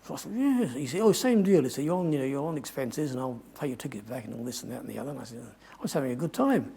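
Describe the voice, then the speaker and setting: A man's voice: mid-range voice, racing, vocal fry, warm tone, a little hiss or hum. An older man giving a talk to an audience, telling a long adventure story in a rambling way and often correcting himself. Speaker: guest speaker.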